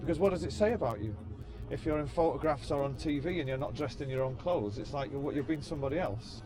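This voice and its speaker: A man's voice: on the high side, quick pace, noisy background. A man, a musician giving casual interview answers in a blunt, sardonic way and swearing freely. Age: 40s. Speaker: musician guest.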